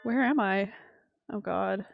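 A woman streamer reading a visual novel aloud and reacting with sudden excited exclamations. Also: medium pitch, takes it slowly, gravelly, muffled recording, faint music behind. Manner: reads game text aloud, breaks into excited exclamations.

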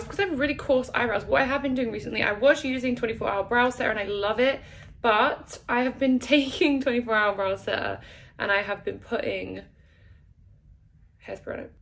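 A woman's voice: on the high side, normal speed, gravelly, long pauses, a bit bright, slight background noise. A young woman chatting through a makeup tutorial at home, swearing a lot and joking as she goes, recorded on her phone. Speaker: beauty vlogger. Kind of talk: casual makeup tutorial chat. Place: at home, sitting by a window. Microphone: phone camera with a mirror behind it.

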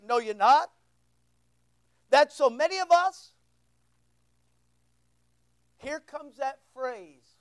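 Orta yaşlı erkek vaiz, tiz sesli, kilisede sohbet havasında vaaz veriyor. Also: male voice, very high-pitched, low-quality recording. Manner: conversational, repeats words, asks the room questions. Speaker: pastor. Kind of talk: sermon. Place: church.

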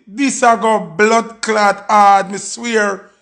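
Gravelly, high-voiced Jamaican man. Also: slow pace. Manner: excitable, exclamatory, swears freely. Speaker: music reaction host. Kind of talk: excited music reaction commentary.

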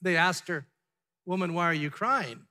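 A pastor preaching a sermon to his congregation, asking rhetorical questions and dropping to a hush before building back up. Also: high voice, normal speed. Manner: dramatic, drops to a hushed tone for emphasis, then builds up. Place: church sanctuary.

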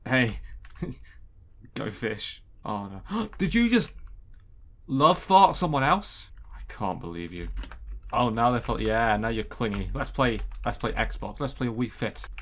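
A man giving jokey, excitable commentary while playing an online game, swinging from loud squeals to low mutters. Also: a little hiss or hum. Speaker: gaming YouTuber. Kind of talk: comedic gameplay commentary.

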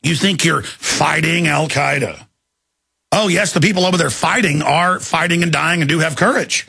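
A man in his thirties hosting a radio show, delivering an angry, shouting monologue in rapid tirades. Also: fairly high pitch. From Texas. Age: 30s. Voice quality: gravelly, raspy. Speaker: radio host. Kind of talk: ranting talk radio monologue.

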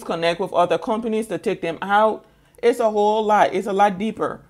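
Emphatic woman giving a tarot reading. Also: mid-range voice. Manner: emphatic, repetitive, keeps checking in with "okay?". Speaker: tarot reader. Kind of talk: tarot reading monologue to viewers.

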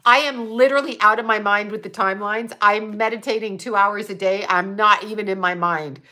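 A woman's voice: mid-range voice, fairly even intonation, fairly quick, pushed and bright. A woman hosting a casual livestream, rambling and swearing as she answers chat comments. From Buffalo area, US. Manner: rambling, profane, reads chat comments aloud. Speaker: livestream host.

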